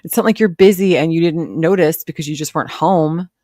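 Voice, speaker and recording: A woman's voice: low-pitched, fairly quick, warm tone, no echo, clean studio sound. A woman reacting live to clips, blunt and sarcastic, swearing freely as she comments.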